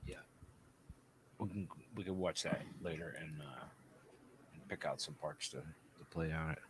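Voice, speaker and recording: A man's voice: rumbling low, unhurried, noisy background. A man co-hosting a casual chat, joking and laid-back, swearing casually. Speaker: co-host.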